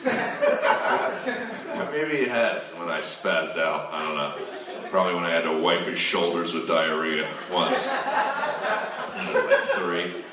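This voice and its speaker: Low-voiced comic riffing in a club. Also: male voice, big pitch swings, slow pace, pauses often, over a noisy crowd. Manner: chatty, riffs with the audience. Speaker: stand-up comedian. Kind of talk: stand-up set. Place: comedy club. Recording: distant roomy club recording. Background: audience laughter.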